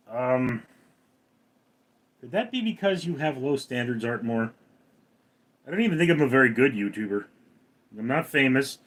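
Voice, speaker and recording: A man's voice: mid-range voice, sing-song, measured pace, pauses often, fairly bright tone. A man hosting a casual live stream, reading viewers' comments aloud and answering them in a dry, self-deprecating way.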